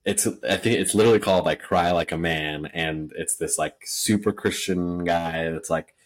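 A man in relaxed podcast chat, peppering his speech with "like" and the odd swear. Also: low-pitched, moderate pace. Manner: casual, heavy use of "like," some swearing. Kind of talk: casual chat.

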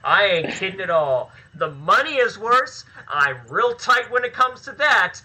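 A man being interviewed as a filmmaker and actor, talking in an animated, rambling way with plenty of swearing in a casual chat. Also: high-pitched, unhurried, a little hiss or hum, poor audio.

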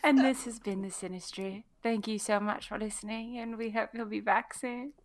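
A woman's voice: a little high, fairly even intonation, moderate pace. A woman co-hosting a podcast in casual, playful chat. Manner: playful, jokey. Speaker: podcast co-host.

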